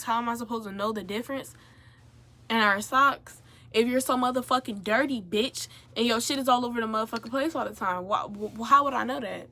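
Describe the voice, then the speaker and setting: Animated, profane young woman vlogger. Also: fairly high pitch. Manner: animated, profane, gets loud when riled. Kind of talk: casual storytime while getting ready.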